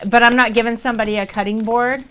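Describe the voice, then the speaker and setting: A woman's voice: fairly high pitch, fairly even intonation, fast talker, fairly bright tone, slight background noise. A young woman streamer casually chatting with her viewers, playful and chatty. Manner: chatty, playful, answers chat. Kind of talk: casual livestream chat.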